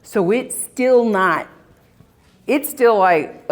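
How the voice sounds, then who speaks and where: A woman giving a live spiritual talk to an audience at an expo, telling stories in an animated way and acting out scenes. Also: fairly low pitch, takes it slowly. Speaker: spiritual workshop speaker. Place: expo hall.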